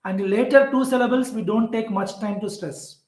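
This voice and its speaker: A man's voice: high voice, moderate pace, a little mellow, echoey room, low-quality recording. A man teaching an exam-prep literature lecture, explaining patiently and repetitively with frequent "uh" fillers. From southern India.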